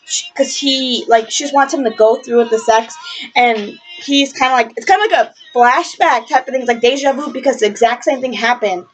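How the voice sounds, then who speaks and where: A woman's voice: a little high, brisk, soft background music. A young woman casually reviewing a book in a vlog, gushing and rambling with lots of fillers, passionate and swearing freely. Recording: lo-fi webcam audio.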